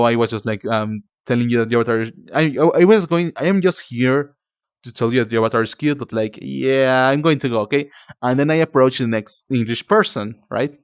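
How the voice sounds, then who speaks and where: In a mid-range voice, a young livestreamer from Mexico talks casually with his viewers, rambling, using plenty of fillers, and calling them darling. He's a native Spanish speaker with a Mexican Spanish accent, recorded in clean studio sound with no echo.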